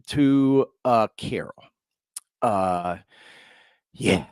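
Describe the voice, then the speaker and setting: A man's voice: medium pitch, very animated, takes it slowly, dry recording. A man hosting a podcast, talking casually and heartfelt, choking up as he speaks. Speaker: podcast host.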